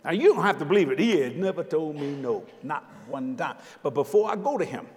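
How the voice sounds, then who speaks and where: An older man preaching a sermon, emphatic and joking, now and then breaking into shouts. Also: on the high side, very animated, fairly quick. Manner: emphatic, jokey preaching with sudden shouted lines. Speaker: visiting preacher. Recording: long hall reverb.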